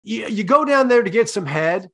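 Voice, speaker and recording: A man hosting a comedy podcast, asking leading questions in a deadpan, profane way. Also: high voice, normal speed. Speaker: podcast host. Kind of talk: comic interview.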